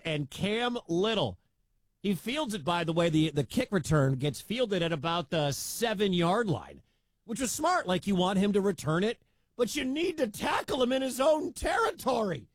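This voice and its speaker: A man with a notably high voice calls a football game live for radio, pressing hard on every play and bursting into shouts. His studio mic sound is very dry and close, with no room echo. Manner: emphatic, rising to loud shouts at big plays. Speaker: radio sports show host. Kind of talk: excited live radio sports commentary.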